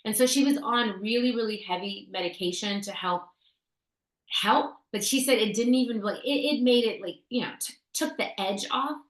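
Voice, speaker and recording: She speaks in a mid-range voice at normal speed, co-hosting a casual talk show where she shares essential oil tips. The story comes out chatty with fillers and restarts, and the sound carries a roomy echo.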